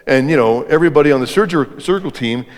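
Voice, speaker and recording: In a reverberant event hall, a middle-aged man gives an interactive live talk on leadership, asking the audience questions as he goes. His fairly high voice moves quickly with lively intonation, and his manner is conversational.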